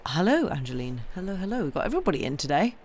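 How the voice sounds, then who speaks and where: Croaky-voiced chatty woman host. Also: fairly low pitch, very animated, very fast, a little mellow, slight background noise. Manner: chatty and rambling, reads viewer comments aloud. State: slightly croaky voice. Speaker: host of a story-reading stream. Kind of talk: casual chat with viewers.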